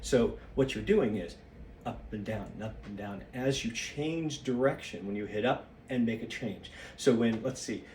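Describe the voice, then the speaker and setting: A man's voice: on the low side, moderate pace, hardly any pauses, darkish tone, roomy sound, far from the mic, slight background noise. A man in his fifties, slightly out of breath, rambling and losing his train of thought as he thinks aloud while shaking his body. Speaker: solo practice vlogger.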